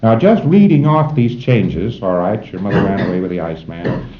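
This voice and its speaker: A man with a very low voice talks a class through a procedure in a folksy, chuckling manner, acting out little exchanges. The old tape sounds muffled, and the room is echoey. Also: expressive, a little fast. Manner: folksy, chuckling, acts out dialogues. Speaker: lecturer training auditors. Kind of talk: recorded lecture to a class. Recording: roomy, dull old lecture tape.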